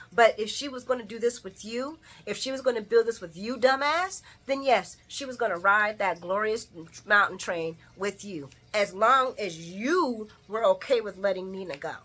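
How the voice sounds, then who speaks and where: Woman vlogger, bright tone, fired-up casual recap, speaks straight to camera and calls viewers y'all. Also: medium pitch, normal speed, few pauses. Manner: heated, animated, profane, addresses viewers as y'all. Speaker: soap opera recap vlogger. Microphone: camera mic.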